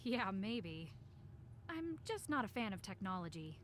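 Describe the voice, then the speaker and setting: A woman's voice: medium pitch, big pitch swings, unhurried, a little hiss or hum. An actress voicing a polite, plain-spoken young woman detective in a mystery game. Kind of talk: video game voice acting.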